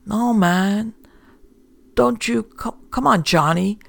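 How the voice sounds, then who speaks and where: A man's voice: sits high, slow, gravelly, pitched above the performer's own voice, heavily acted. A man voicing a pleading, whiny bearded male addict in an audiobook story.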